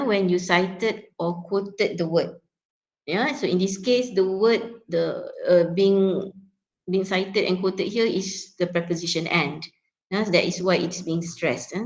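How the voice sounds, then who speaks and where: A woman's voice: medium pitch, low-quality recording. A woman lecturer with a Malaysian accent teaching a class, explaining step by step and often checking in with "yeah?". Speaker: university lecturer.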